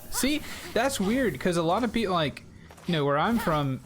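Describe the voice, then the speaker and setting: A man's voice: high-pitched, very animated, moderate pace. A man with a Southern US accent, rambling in casual live gameplay commentary and chatting straight to his viewers. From Southern United States. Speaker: streamer.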